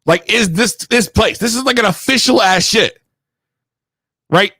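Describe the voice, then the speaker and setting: A man's voice: sits high, a little slow, sharp tone, slightly rough, no room sound. A young man from Connecticut telling a story in a casual, profane, heated way, slangy and rambling. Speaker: podcast regular telling a story.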